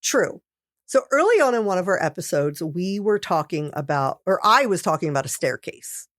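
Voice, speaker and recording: A woman's voice: lowish voice, big pitch swings, moderate pace, no echo, studio quality. A woman co-hosting a podcast, telling stories in casual chat and laughing often. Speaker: podcast co-host.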